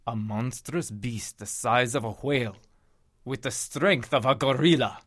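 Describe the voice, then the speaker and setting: An actor playing a grim, wary pub drinker. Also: male voice, medium pitch, a little slow, fairly bright tone, no echo, clean studio sound. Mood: ominous. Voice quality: grim, cautious. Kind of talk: audio drama acting.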